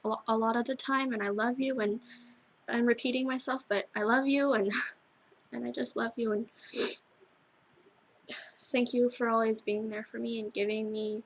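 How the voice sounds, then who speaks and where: A teenage girl recording a tearful video message to her best friend, halting and full of restarts as she cries. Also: fairly high pitch, a little hiss or hum, low-quality recording. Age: teens. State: crying. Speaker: vlogger.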